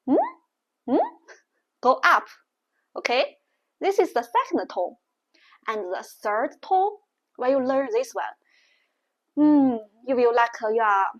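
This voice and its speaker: A woman teaching Mandarin tones in a language lesson, explaining slowly and deliberately. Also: on the high side. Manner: slow, deliberate explaining with exaggerated tone demonstrations.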